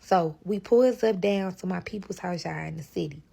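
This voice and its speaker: A woman's voice: lowish voice, moderate pace, gravelly, husky. A woman telling a long dramatic storytime in casual chat, acting out the dialogue and calling her listeners y'all. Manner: animated, acts out dialogue, addresses listeners as y'all.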